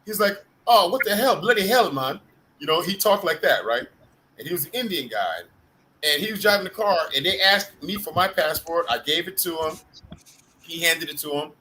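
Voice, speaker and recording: A man's voice: fairly high pitch, expressive, moderate pace, bright, forceful tone, a little hiss or hum, rough recording. A man hosting a live group video call, telling rambling, profane stories with bursts of laughter. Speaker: host of a live group chat. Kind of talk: casual storytelling chat.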